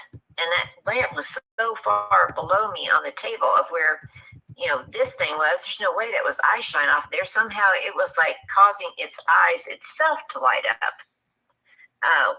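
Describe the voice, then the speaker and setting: A woman with a husky voice, recounting a personal story in a hushed way that often drops to a whisper. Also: deep voice, low-quality recording. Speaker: guest telling an encounter.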